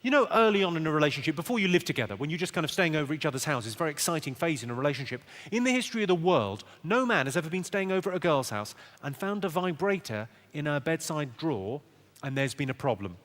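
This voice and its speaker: A male stand-up comedian, delivering deadpan one-liners with quick asides to a live audience. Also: on the high side, long reverb tail. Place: large theatre stage with audience. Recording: live theatre recording, loud audience. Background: loud audience laughter.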